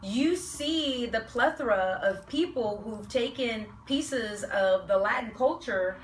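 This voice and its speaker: A woman's voice: on the high side, takes it slowly. A woman co-hosting a talk radio discussion, chatty and telling stories as she joins in. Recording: roomy studio, mic at a distance, faint noise.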